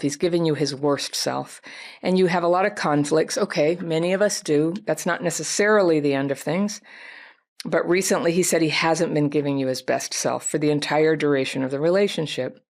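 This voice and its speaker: A woman with a low voice gives advice in reply to a viewer's letter. She sounds gentle and reflective and talks straight to the person who wrote in. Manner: gentle, reflective, speaks directly to the listener. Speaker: advice host.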